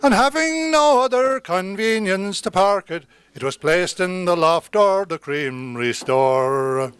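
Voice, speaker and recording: Fella reciting a ballad slow and deliberate, really clear voice. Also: male voice, sits high, animated, a bit bright, no echo. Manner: measured, declamatory verse.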